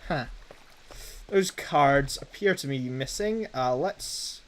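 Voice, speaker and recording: A man chatting casually on a live game stream, halting and self-mocking while he fumbles with his setup. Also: medium pitch, lively intonation, rough recording. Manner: halting, fumbling through tech setup with many restarts.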